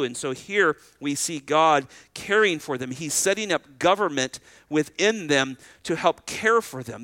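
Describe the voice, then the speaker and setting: Bright-voiced middle-aged male pastor preaching. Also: on the high side, dry recording. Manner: conversational preaching, rhetorical questions, acts out little dialogues. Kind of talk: sermon.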